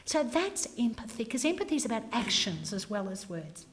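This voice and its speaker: A woman's voice: a little high, brisk. A woman giving a training talk, acting out customer conversations and now and then dropping to a whisper. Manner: animated, acts out customer exchanges, drops to whispers. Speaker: workshop presenter. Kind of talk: training talk with acted scenarios. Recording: long reverb of a hall.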